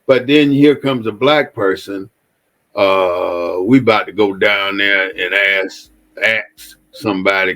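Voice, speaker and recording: A man's voice: lowish voice, slow, a bit bright, poor audio. A man hosting an impassioned commentary monologue, speaking bluntly and repeating phrases for emphasis, with frequent swearing. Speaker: host.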